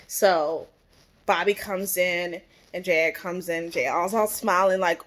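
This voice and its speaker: A woman's voice: on the low side, fairly even intonation, measured pace, fairly bright tone. A woman vlogger casually recapping a TV episode, chatty and full of "like" and "you know". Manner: chatty, lots of "like" and "you know", acts out characters' lines.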